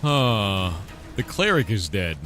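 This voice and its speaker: A man's voice: fairly low pitch, very animated, takes it slowly, a bit bright. A man streaming a game, giving casual commentary and playfully teasing chat with silly mispronunciations. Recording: faint music behind.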